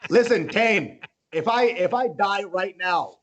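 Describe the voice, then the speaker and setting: A man's voice: sits high, animated, slow, a bit bright, muffled recording. Rambling male stand-up comic. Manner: rambling, self-interrupting, laughs at own jokes. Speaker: comedian. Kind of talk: stand-up comedy set.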